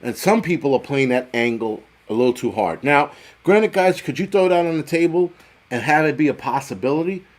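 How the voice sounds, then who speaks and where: A middle-aged man with a fairly high, animated voice hosts a casual livestream, reading viewer comments and chatting with his audience. He rambles, swears, and jokes, with quick swings in loudness.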